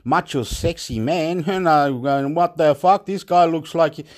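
A man from Chile, talking in a rambling, profane monologue in broken English that jumps between loud and soft. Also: a little high, unhurried. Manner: excitable, repetitive, swings loud and soft.

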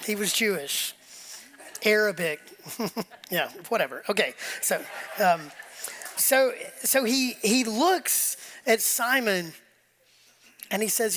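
Man preaching to a congregation; animated, casual, slips into quoted dialogue. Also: sits high, slow pace, long pauses. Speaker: pastor. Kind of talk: conversational sermon. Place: church sanctuary with congregation.

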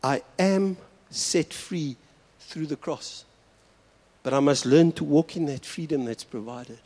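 Male pastor, earnest preacher, leans on slow repeated phrases. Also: a little high, a little mellow. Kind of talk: sermon. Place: church hall.

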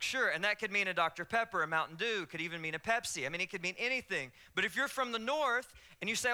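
A man's voice: sits high, fast, hardly any pauses, sharp tone, clean tone. A man with a Southern US accent preaching a sermon to his congregation in a conversational, joking way. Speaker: pastor. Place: church sanctuary.

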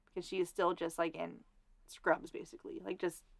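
A woman co-hosting a casual podcast recap, swearing freely and acting out characters in quick asides. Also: fairly low pitch, little pitch movement, creaky, dry recording. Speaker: podcast co-host.

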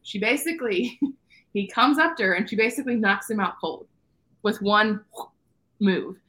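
A woman's voice: medium pitch, animated, normal speed, a bit bright. A woman co-hosting a casual book podcast, retelling the plot playfully with frequent laughter over a video call. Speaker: podcast co-host. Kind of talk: casual book club chat.

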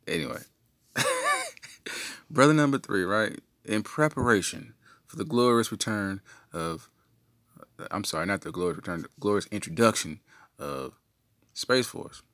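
A man's voice: on the low side, a bit bright, no room sound, studio quality. A man hosting a comedy podcast, rambling through playful made-up stories. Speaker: podcast host.

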